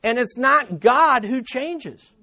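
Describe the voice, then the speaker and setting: This is a sermon from a male pastor whose high voice swings widely in pitch. Emphatic, he repeats key lines and slows down whenever he lands on a key statement.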